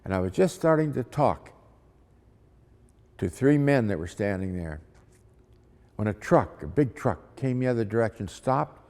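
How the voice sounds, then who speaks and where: A man's voice: lowish voice, animated, a little slow, pauses often, darkish tone. A man, a missionary, telling a testimony story in a folksy, dramatic way. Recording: long hall reverb.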